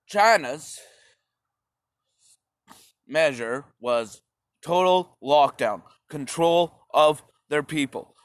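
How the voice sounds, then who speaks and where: A man's voice: on the high side, a bit bright, dry recording. A man delivering a profane, sarcastic stand-up rant, rambling and swearing often. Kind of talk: profane ranting stand-up monologue.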